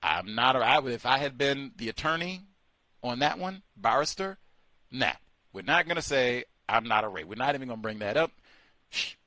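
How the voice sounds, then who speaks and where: A sardonic man riffing through a call-in show monologue. His voice jumps around a lot in pitch and has a bright, forceful edge. He sounds close and dry, with no room around him. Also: animated, normal speed, no echo. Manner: sardonic, switching between mocking voices and asides. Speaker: radio show host.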